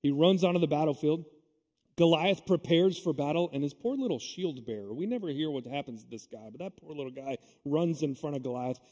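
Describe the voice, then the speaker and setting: A male pastor delivers a sermon in a friendly, emphatic way and drops in casual asides. His voice sits a bit high for a man but sounds mellow and dark. A long echo from the church hall follows every phrase. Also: lively intonation, a little fast. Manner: conversational, emphatic preaching with asides. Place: church sanctuary.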